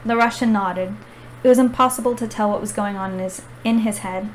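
A young woman hosting a book podcast, chatty and excitable, reading narration aloud. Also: mid-range voice, fairly quick, slight background noise, rough recording. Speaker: podcast host. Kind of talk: casual chat and reading aloud.

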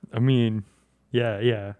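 A young man hosting a casual chat, laid-back, laughing often and pausing on fillers. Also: mid-range voice, narrow, tinny audio. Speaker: host.

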